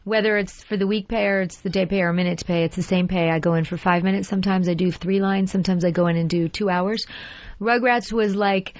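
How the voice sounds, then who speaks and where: Woman, voice actress guest, chatty and animated. Mid pitch, dry close-miked studio sound, slightly dull. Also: brisk, dry recording. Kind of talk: radio interview conversation. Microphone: studio microphone.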